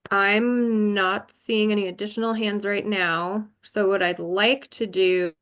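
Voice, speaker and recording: A woman's voice: mid-range voice, fairly even intonation, a little slow, fairly bright tone, smooth. A woman chairing a virtual board meeting, talking through procedure carefully and thinking aloud.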